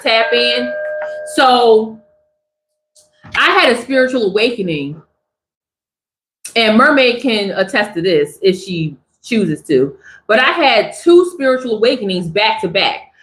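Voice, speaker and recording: A woman hosting a casual spiritual livestream, talking in an expressive, chatty way to her viewers. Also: a little high, roomy sound, a little hiss or hum, rough recording. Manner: expressive, chatty, drawn-out delivery.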